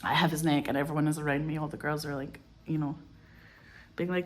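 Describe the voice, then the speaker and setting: A woman's voice: sits low, fast. A woman in her thirties telling a story to camera in a rambling, casual way, filling her sentences with "like". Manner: rambling, peppered with "like", animated when retelling. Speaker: actress vlogging.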